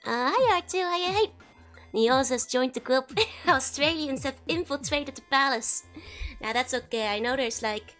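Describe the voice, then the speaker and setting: A woman streamer with a Dutch accent chatting casually on a live stream, her voice hoarse from being sick, greeting her chat by name and laughing often. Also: high-pitched, measured pace, a bit bright, soft background music.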